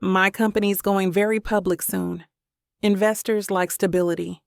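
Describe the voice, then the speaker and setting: A woman's voice: medium pitch, fairly even intonation, moderate pace, creaky, no room sound, studio quality, close to an everyday voice. A woman reading the lines of a smug, confident male billionaire executive in an audiobook, cool and matter-of-fact. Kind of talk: audiobook character dialogue.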